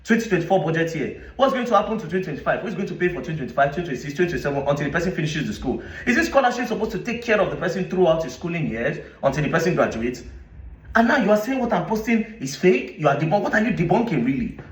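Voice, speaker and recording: Indignant Nigerian man, lively pitch. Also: very fast, echoey room, recorded from a distance. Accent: Nigerian English. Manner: indignant, sarcastic, rhetorical questions. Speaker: social media commentator. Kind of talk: reading statements aloud and rebutting them.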